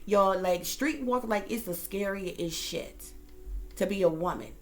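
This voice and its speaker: A woman's voice: medium pitch, measured pace, faint music behind. A woman host telling a story to her viewers in a casual, heated rant, profane and emphatic. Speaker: psychic reader and channel host.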